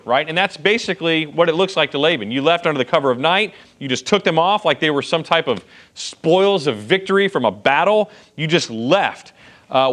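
A man's voice: a little high, lively intonation, brisk, a bit bright. A man teaching a Bible passage to a group in a casual, conversational way. He checks in often with "okay" and "right.". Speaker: pastor teaching a Bible study.

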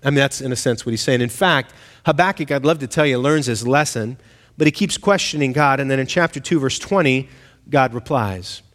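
Pastor with a reverberant hall sound. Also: male voice, medium pitch, fairly quick, a bit bright. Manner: conversational, asks the congregation questions, acts out quoted voices. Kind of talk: sermon.

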